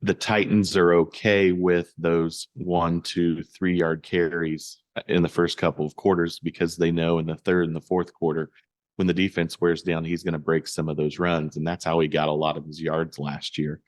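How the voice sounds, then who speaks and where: A man co-hosting a casual sports podcast, talking in a halting way with many fillers and restarts. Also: sits low, level tone, no echo, clean studio sound. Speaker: podcast co-host.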